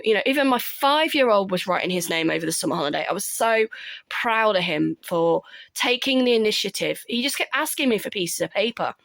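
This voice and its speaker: A woman, telling stories about her children in an animated way. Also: medium pitch, brisk, gravelly, no echo. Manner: animated storytelling, acts out her kids' voices. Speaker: parent vlogger. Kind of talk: casual chat.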